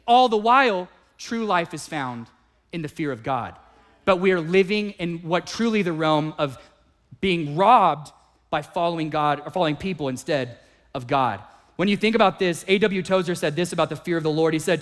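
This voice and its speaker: Animated high-voiced male pastor preaching. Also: moderate pace. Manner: animated storytelling, acts out voices. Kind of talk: sermon with personal story.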